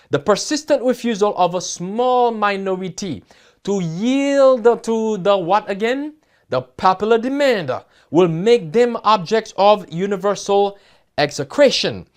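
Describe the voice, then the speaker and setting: A man preaching a sermon, reading headlines and scripture quotes aloud and asking his listeners questions. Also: high-pitched. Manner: emphatic, asks the audience questions. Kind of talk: sermon reading news and prophecy.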